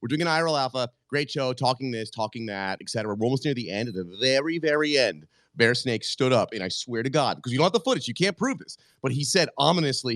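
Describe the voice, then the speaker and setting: An excitable, loudmouthed man racing through a story on a podcast, words tumbling out quickly and profanity thrown in. His voice sits close and dry, with no room echo. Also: mid-range voice. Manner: excitable, loud, swears freely. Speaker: podcast guest host.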